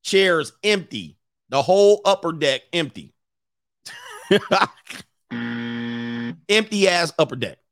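A man's voice: on the high side, expressive, takes it slowly, long pauses, a bit bright, no room sound, studio quality. A man hosting a casual commentary show, joking, swearing and laughing often. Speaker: host.

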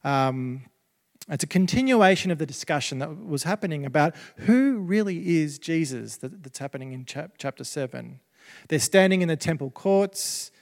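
A man's voice: a little high, big-room sound. A man preaching a sermon as pastor, conversational, with many fillers and restarts.

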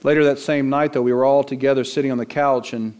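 A man's voice: medium pitch, little pitch movement, fast talker, a little mellow, clean tone. A middle-aged male pastor preaching a sermon, his voice climbing for emphasis.

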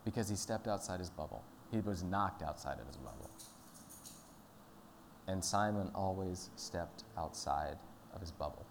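A man giving a sermon at church in a relaxed, conversational, storytelling manner. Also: low voice, normal speed, slight background noise. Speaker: pastor.

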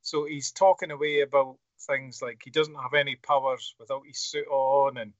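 A man's voice: medium pitch, fairly even intonation, moderate pace, no echo. A man chatting casually about old comics, rambling and enthusiastic with many restarts. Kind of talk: casual chat. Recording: slightly dull lo-fi sound.

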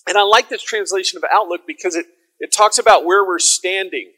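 A man preaching a sermon, conversational and casual, then rising to loud proclaiming. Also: sits high, brisk, rough recording. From American South. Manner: conversational, swings from soft asides to loud proclaiming.

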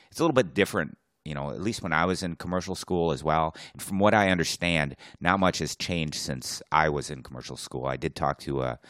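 Pria bersuara sangat rendah, santai. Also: male voice, very deep voice, a bit bright, no room sound, clean studio sound. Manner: laid-back, explains diving procedures, laughs often. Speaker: podcast co-host, former commercial diver. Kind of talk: casual chat.

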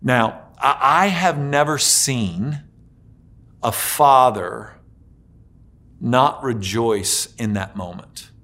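A man in his forties preaching a sermon as a pastor, telling stories with lots of filler words and swinging from hushed to loud. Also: medium pitch, drawn-out words, pauses often. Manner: animated storytelling with many filler likes, swinging between hushed and loud.

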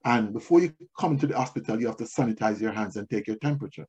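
A man's voice: fairly low pitch, rapid-fire, darkish tone, highs cut off, a little hiss or hum. A man preaching a sermon as pastor, telling personal stories and repeating key phrases for emphasis. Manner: tells personal stories to make points.

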